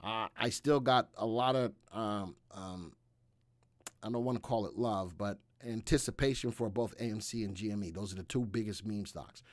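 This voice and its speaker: A man's voice: fairly low pitch, normal speed, no echo. A man hosting a live stock market show, talking casually and rambling with fillers and asides. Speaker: livestream host.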